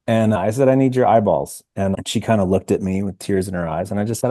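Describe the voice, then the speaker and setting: A man around fifty, a singer-songwriter guest on a podcast, talking earnestly and haltingly about parenting, with many restarts and fillers. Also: sits low, warm tone, dry recording. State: emotional, near tears. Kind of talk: reflective interview conversation.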